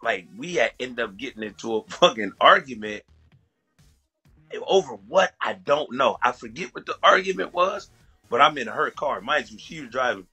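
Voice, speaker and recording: Husky-voiced man telling stories. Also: mid-range voice, moderate pace, faint music behind. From USA. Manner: profane, laughing, animated storytelling. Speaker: guest. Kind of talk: casual storytelling.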